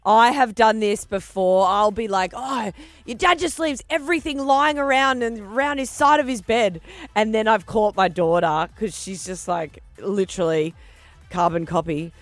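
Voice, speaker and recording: A woman's voice: mid-range voice, normal speed, dry recording, faint music behind. A woman co-hosting a breakfast radio show with an Australian accent, chatting casually and laughing often.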